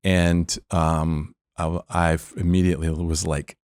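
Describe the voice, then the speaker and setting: A man's voice: deep voice, normal speed, no room sound, clean studio sound. A middle-aged man, a former police officer, telling a story of faith as a podcast guest and acting out the voices in it. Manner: animated storyteller, acts out quoted voices. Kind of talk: storytelling testimony.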